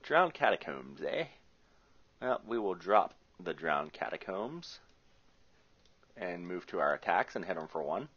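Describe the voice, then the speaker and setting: A man's voice: deep voice, big pitch swings, measured pace, pauses often, fairly bright tone, slightly rough. A man from the US Rust Belt giving chatty, joking play-by-play commentary on his own card game and thinking his moves through aloud. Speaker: Magic player commentating his own match. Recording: muffled lo-fi recording.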